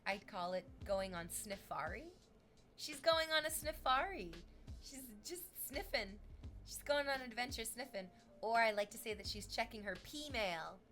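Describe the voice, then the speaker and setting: A woman streaming live in relaxed, casual chat, swearing freely and reading viewer comments aloud. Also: medium pitch. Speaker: livestreamer.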